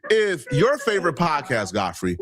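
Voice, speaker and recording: A man's voice: a little high, wildly swooping pitch, moderate pace, a bit bright, faint music behind. A man hosting a reaction commentary, laying out his argument point by point in an indignant, emphatic tone. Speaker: commentary channel host.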